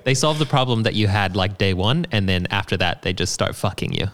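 A man talking casually about software tools, explaining with fillers and swearing offhandedly. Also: lowish voice, lively intonation, brisk, slight background noise. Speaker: software developer. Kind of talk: casual chat.

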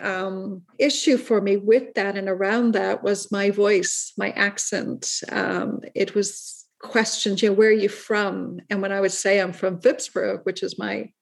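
A middle-aged woman from Ireland with a soft Irish accent drifting toward American, speaking in a thoughtful, halting way as an author being interviewed. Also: medium pitch, steady tone, creaky. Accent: soft Irish, shifting toward American. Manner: thoughtful, halting, many restarts and fillers. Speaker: author guest. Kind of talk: reflective interview talk.

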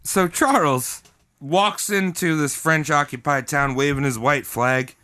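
A man's voice: fairly high pitch, measured pace, sharp tone. A man hosting a podcast, casually telling a history story in a rambling, crude way.

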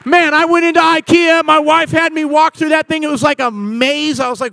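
Guest-speaking at a church service, a man in his forties entertains the crowd with lively stories, acted-out dialogue and banter. He talks a little fast in an extremely high, creaky voice, and there's no echo.

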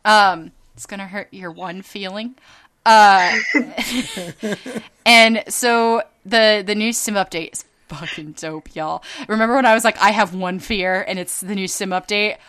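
A young woman with a bright, clean voice, talking casually on a podcast. She tells her stories with lots of energy, acts out the people in them, and swears freely. Her tone sounds clear and open. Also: medium pitch, a little slow. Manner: animated, acts out quoted people, laughs often, swears casually. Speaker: podcast co-host. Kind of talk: casual storytelling chat.

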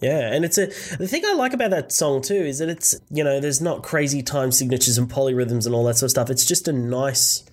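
An Australian man co-hosts a relaxed podcast chat. He is friendly and easygoing, often chiming in with quick agreement while the other host talks. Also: medium pitch. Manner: friendly, lots of agreeing backchannel.

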